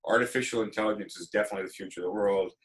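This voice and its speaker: A man's voice: lowish voice, very fast. A man hosting a casual livestream chat, telling stories animatedly and acting out the people he quotes. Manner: animated storyteller, acts out quotes. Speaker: podcast host.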